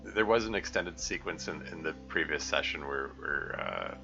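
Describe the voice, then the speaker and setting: A man's voice: extremely low pitch, wildly swooping pitch, moderate pace, vocal fry, lo-fi sound, music in the background. A man reading a visual novel aloud on a live stream, chatty and prone to side comments. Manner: chatty, digressive, self-correcting. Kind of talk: let's-play narration and commentary.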